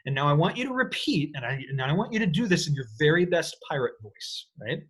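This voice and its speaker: A man teaching an economics lecture in an energetic, playful way, often checking in with his students. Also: on the high side, quick pace, husky. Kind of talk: recorded lecture.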